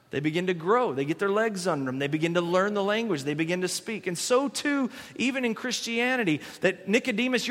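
A man's voice: high voice, fairly bright tone. A man preaching a conversational sermon, acting out the people he quotes. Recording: long hall reverb.

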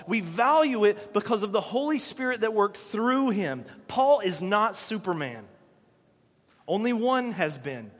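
A man's voice: sits high, fairly bright tone, in a large hall. A man preaching a sermon in a conversational way, asking his listeners rhetorical questions. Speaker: pastor.

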